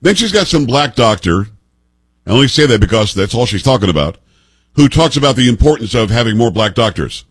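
A man's voice: mid-range voice, very animated, fairly quick, husky, no room sound. A man in his fifties hosting political commentary, emphatic and sarcastic, firing off pointed rhetorical questions. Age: 50s.

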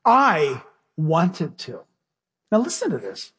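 In a church sanctuary with his congregation present, a pastor delivers a sermon at a measured pace. His very high-pitched, expressive voice is a bit bright with a breathy edge, and his style is folksy and emphatic, often firing questions directly at listeners. Long hall reverb fills the recording.

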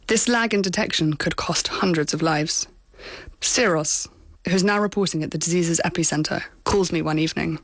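A woman foreign correspondent narrating a scripted report in a measured, sober storytelling manner. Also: on the low side, dry recording.

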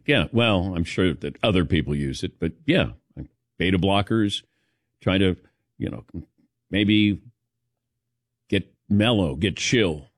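A man's voice: sits low, slow, pauses often, no room sound, clean studio sound. A man hosting a casual radio talk show, calling on his co-hosts and acting out quoted voices. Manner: animated, acts out quoted voices. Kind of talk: casual studio chat.

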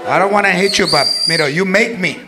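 A man's voice: high-pitched, fast, a loud crowd, heavy background noise, lightly acted. Man playing a strict scolding grandmother. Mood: threatening. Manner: scolding, threatening, mixing Spanish slang into English. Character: strict, short-tempered grandmother scolding a young boy. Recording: live club, loud audience laughter.

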